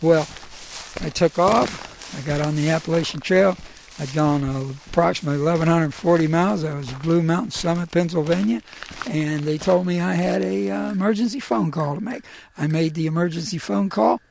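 A middle-aged man telling his own personal story in a halting, emotional way, with many pauses and fillers. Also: on the high side, vocal fry, a little mellow, a little hiss or hum.

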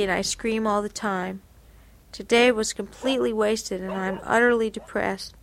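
A woman's voice: mid-range voice, no room sound. A woman reading aloud from a personal diary in an earnest, confessional, reflective way.

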